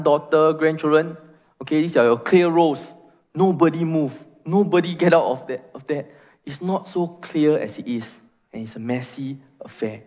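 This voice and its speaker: A pastor with a fairly high, darkish voice preaches emphatically in a church sanctuary, reading scripture and leading prayer. The sound is muffled and reverberates through the church hall.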